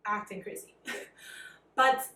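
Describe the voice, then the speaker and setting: A young woman with a Trinidadian accent casually telling a personal story as a vlogger, animated and acting out the dialogue. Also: slow, echoey room, recorded from a distance, rough recording. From Trinidad and Tobago. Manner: animated, self-described anxious, acts out quoted dialogue.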